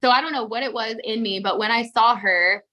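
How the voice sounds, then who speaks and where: Bright-voiced woman chatting casually. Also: on the high side, fairly quick, muffled recording. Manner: candid, swearing, chatty with many fillers. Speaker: podcast co-host and horse trainer. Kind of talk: casual chat.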